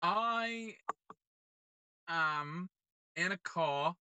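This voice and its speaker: A man with an English accent co-hosting a podcast in casual chat, talking from a car, telling stories in an animated, mocking way. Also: high voice, very slow, smooth, dry recording, far from the mic. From England. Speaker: podcast co-host.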